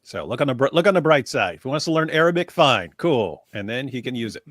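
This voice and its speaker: A man co-hosting a livestream, telling anecdotes in a casual, lively way, his pitch swinging widely. The sound is dry and close, with no room echo. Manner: animated storytelling, quick asides. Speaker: livestream co-host. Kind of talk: casual chat.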